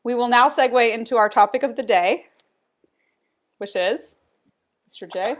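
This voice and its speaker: A woman's voice: on the high side, moderate pace. A woman hosting a casual live-stream chat, upbeat and enthusiastic as she promotes her work. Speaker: coach and host.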